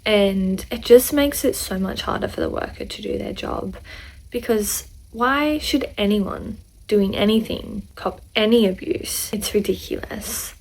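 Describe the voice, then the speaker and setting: Gravelly-voiced woman reacting. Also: mid-range voice, measured pace, a little hiss or hum, low-quality recording. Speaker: host reacting to clips. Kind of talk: reaction commentary.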